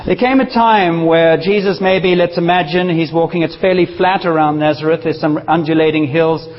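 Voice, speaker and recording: A man preaching a sermon in a church, passionate and animated, with playful asides to the congregation. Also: fairly high pitch, moderate pace, big-room sound, lo-fi sound. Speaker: pastor.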